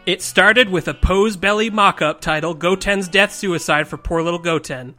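Male podcast host, bright tone, reads absurd creepypasta deadpan then cracks up. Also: high voice, moderate pace, soft background music. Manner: reads rambling text aloud, breaking into laughter. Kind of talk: casual podcast chat and comic reading.

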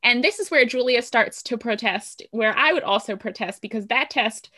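A woman co-hosting a podcast casually chats through a show's plot, using plenty of filler words as she recaps it. Her voice is on the high side and sharp in tone, and she talks at a normal speed.

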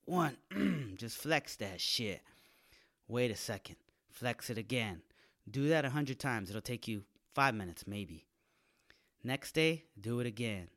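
Crude, animated comedian man. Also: mid-range voice, slow pace. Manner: crude, animated, slangy, acts out voices. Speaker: comedian hosting his own podcast. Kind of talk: casual comedic monologue.

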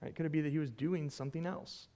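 Animated male preacher, slightly high voice. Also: quick pace. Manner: conversational, animated, often asks "right?". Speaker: pastor. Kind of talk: sermon.

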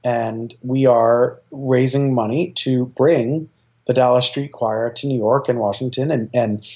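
Rambling, eager man with a mellow voice. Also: medium pitch, steady tone, a little slow, muffled recording. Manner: enthusiastic, rambling with many fillers and restarts. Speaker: choir director and guest. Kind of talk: casual interview talk.

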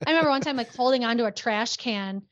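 A woman in her thirties from Minnesota, a podcast guest chatting quickly and animatedly with many "like"s. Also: a little high, dull audio. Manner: animated, talks fast with many "like"s. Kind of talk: casual chat.

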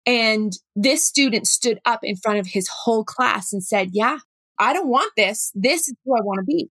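A middle-aged woman, a workshop facilitator telling a story with animated, acted-out dialogue. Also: a little high, normal speed, slightly rough, no room sound. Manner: animated, acts out dialogue in her stories. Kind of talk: storytelling talk.

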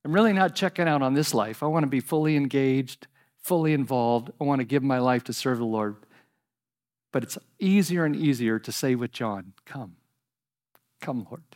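A pastor preaching a sermon, earnest and animated, dropping to soft pleading repetitions. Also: male voice, medium pitch, brisk.

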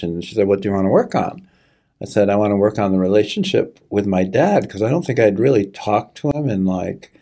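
A middle-aged man telling a personal story in an earnest, halting way, choking up as he goes. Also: on the low side, vocal fry, mellow. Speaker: guest sharing a personal story. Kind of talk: conversational testimony.

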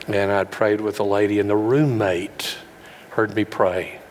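A man preaching a sermon as pastor, folksy and earnest, building up to loud, high peaks. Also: level tone, unhurried, long reverb tail, slight background noise. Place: large room with an audience.

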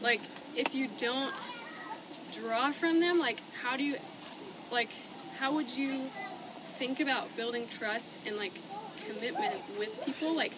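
A woman's voice: high-pitched, measured pace. A woman hesitantly asking a question with many fillers, heard faintly from off-mic. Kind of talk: casual question. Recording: faint voice off-mic over background noise.

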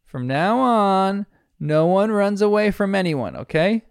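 A man voicing a lively young puppy girl in a cartoon, in an excited child's voice. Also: high voice, a little slow, vocal fry, smooth, no echo, studio quality, pitched above the performer's own voice, full character voice. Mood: eager.

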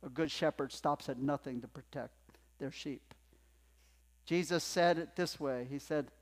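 A male pastor delivers a sermon with emphatic preaching, dropping to a hush and then rising to loud passages. His voice sits somewhat high for a man. The sound carries a long hall reverb from the church sanctuary. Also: a little slow.

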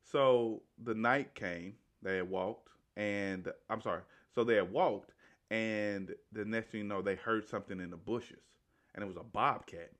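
A man's voice: on the low side, measured pace, fairly bright tone. A man casually retelling a movie's story, rambling along with restarts, self-corrections and "right?" tags.

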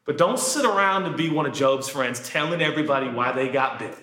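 A man preaching a sermon, animated, jumping from shouted lines to quiet asides. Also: medium pitch, brisk. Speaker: pastor. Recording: echoey room.

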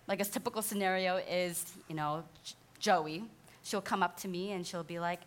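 A woman in her thirties giving a sermon-style teaching talk as a counselor, animated and acting out the voices she quotes, often laughing. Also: on the low side, normal speed. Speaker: speaker, counselor.

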